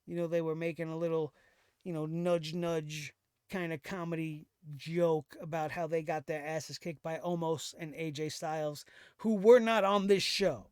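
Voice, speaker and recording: A man's voice: fairly high pitch, fairly even intonation, moderate pace, a little mellow, clear, resonant tone, dry recording, clean studio sound. A man hosting a wrestling recap show, recapping and ranting in a sarcastic, exasperated way with occasional laughs. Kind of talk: casual recap and commentary.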